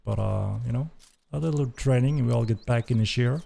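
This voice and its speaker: Gravelly-voiced man showing off a game. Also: medium pitch, a little fast, mellow. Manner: enthusiastic, repeats his praise. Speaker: game developer hosting a dev stream. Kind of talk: live gameplay commentary. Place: at a computer playing the game.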